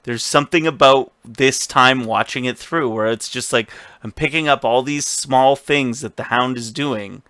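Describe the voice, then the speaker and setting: A man's voice: mid-range voice, normal speed, few pauses, bright, forceful tone, no echo. A man co-hosting a podcast, recapping a TV episode in a loose, rambling way with frequent swearing and laughter. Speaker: podcast co-host. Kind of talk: casual recap chat.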